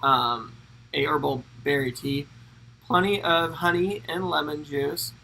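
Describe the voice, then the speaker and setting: Creaky, bright-voiced man chatting. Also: fairly high pitch, unhurried, a little hiss or hum, low-quality recording. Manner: reads viewer names aloud, laughs and stumbles. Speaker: co-host of a travel livestream. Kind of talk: casual live-stream chat.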